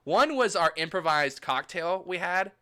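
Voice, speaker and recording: A man's voice: high-pitched, lively intonation, measured pace, sharp tone, smooth. A man hosting a casual chat, talking in a rambling, profane way with lots of filler words. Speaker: host.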